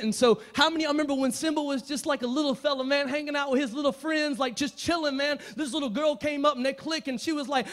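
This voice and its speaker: A man preaching a storytelling sermon in slangy, casual talk, swinging from hushed asides to shouting. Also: very high-pitched, fairly even intonation, fast talker, few pauses. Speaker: youth preacher.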